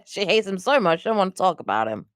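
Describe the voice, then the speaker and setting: Woman podcast co-host, weary and dry, pitch swinging wildly, dry close sound. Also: very animated, fast, no echo. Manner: tired, yawning, dry asides. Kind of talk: casual chat.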